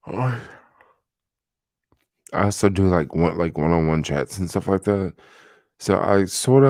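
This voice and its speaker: Tired, gravelly deep-voiced man livestreaming. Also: dry recording, clean studio sound. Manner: relaxed and rambling, many fillers. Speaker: livestream host. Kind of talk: casual livestream chat. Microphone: desk microphone without headphones.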